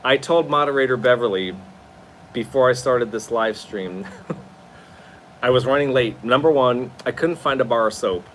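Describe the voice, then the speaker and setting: Medium-pitched and measured in pace, a man hosting a casual live stream in his new apartment sounds tired as he chats expressively and replies to viewer comments. There's a little hiss or hum.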